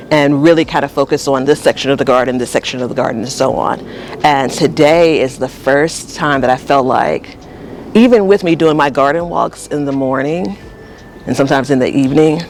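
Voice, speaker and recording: A man with a fairly high voice talks his way through a casual garden tour outdoors, rambling and long-winded. Faint outdoor ambience hangs behind him. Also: slight background noise. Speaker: garden vlogger host. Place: outdoor home vegetable garden. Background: faint outdoor ambience, passing plane.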